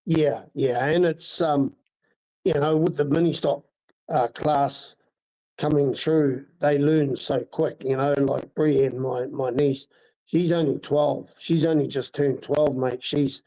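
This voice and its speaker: A middle-aged man, a racing driver talking haltingly in a casual interview. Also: fairly high pitch, steady tone, dark tone. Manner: halting, many fillers and restarts. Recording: dull lo-fi sound.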